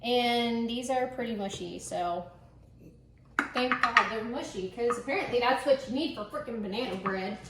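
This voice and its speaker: A woman's voice: on the high side, moderate pace, roomy sound, heavy background noise. A woman hosting a casual cooking vlog from her home kitchen, joking around and filling her talk with "like". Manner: chatty, joking, lots of "like" fillers.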